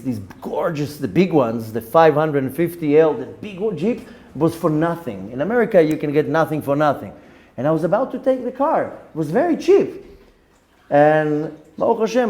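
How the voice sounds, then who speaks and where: Man, rabbi giving a weekly Torah class; higher voice, warm dark tone, chatty storyteller. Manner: animated storytelling with personal anecdotes and Hebrew phrases. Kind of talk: Torah lesson.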